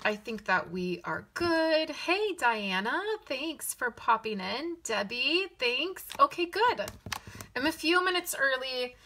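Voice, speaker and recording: High bright-voiced woman hosting a craft livestream. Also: very animated, slow, few pauses, a little hiss or hum. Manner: chatty, greets viewers by name. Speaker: card-making livestream host. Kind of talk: casual live-stream chat.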